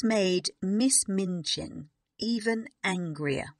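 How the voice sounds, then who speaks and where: A woman narrating a graded reader story slowly and carefully on a close mic. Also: lowish voice, no echo. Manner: slow, careful reading. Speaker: audiobook narrator.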